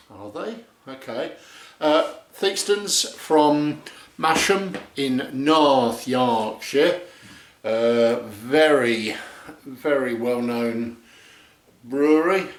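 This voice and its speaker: A man of middle pitch hosting a casual review vlog, unhurried and chatty as he talks to the camera. His voice rings in a roomy, echoey space, and he keeps a light, joking tone throughout. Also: animated. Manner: chatty, jokey, describing to camera. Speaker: beer reviewer, channel host. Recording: echoey room.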